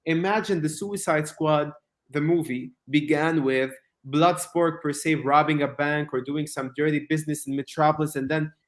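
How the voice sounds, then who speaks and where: A man co-hosting a casual podcast chat who pushes his argument with real energy and acts out lines from the movies he brings up. His voice sits a little high for a man. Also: moderate pace. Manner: animated, acts out quotes while arguing. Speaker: podcast co-host.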